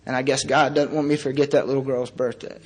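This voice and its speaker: A man in his thirties sharing his recovery story before a group, earnest and halting, with long pauses and wry, self-mocking humor. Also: mid-range voice, steady tone. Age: 30s. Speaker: recovery meeting speaker. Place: meeting room before a live audience.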